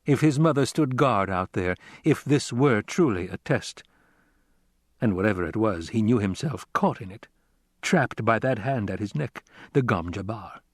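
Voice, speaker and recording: A man narrating an audiobook in a measured, unhurried way. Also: on the low side, animated, no echo, studio quality. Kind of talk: scripted narration.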